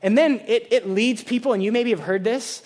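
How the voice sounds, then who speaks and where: High-voiced man preaching casually. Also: fairly quick, a little mellow. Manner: chatty, loose, with many "like" fillers and restarts; explains ideas to a student audience. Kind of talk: casual sermon.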